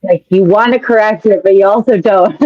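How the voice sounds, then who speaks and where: A woman practicing words slowly and carefully alongside a teacher, chatting casually. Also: mid-range voice, no echo, lo-fi sound. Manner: very slow, careful repeating of words. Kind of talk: casual lesson chat.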